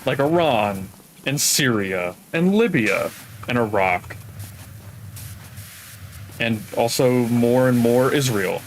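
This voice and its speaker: A man's voice: mid-range voice, lively intonation, slow pace, long pauses, slight background noise, poor audio. Rambling man chatting on stream. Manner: rambling storyteller, trails off mid-sentence. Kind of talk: casual chat while gaming.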